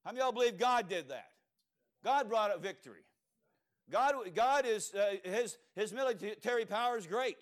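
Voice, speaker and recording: A man from Louisiana with a Cajun accent preaches a sermon in a high, expressive voice at normal speed. He tells homespun stories and poses rhetorical questions to the congregation, with frequent fillers and restarts.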